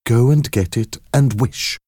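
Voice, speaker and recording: A man reading a storybook aloud, voicing a frantic, grieving elderly mother who pleads and insists in a shrill voice. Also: measured pace, warm tone, dry recording, clean studio sound, natural voice. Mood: insistent.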